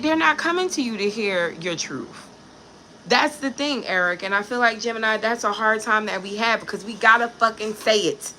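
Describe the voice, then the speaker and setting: Speaking in a slightly high, pushed and bright voice, a pregnant tarot reader does a casual reading to camera, full of bluntness, profanity and gossipy asides about people she has encountered. The recording carries a little hiss or hum.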